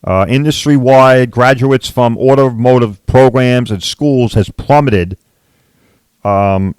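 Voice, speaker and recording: On his podcast, a middle-aged body shop owner from Long Island, New York, rants casually and bluntly, leaning on "all right" and "right?" over and over. His voice is mid-range, clear, and resonant, and he takes his time. The audio has no echo.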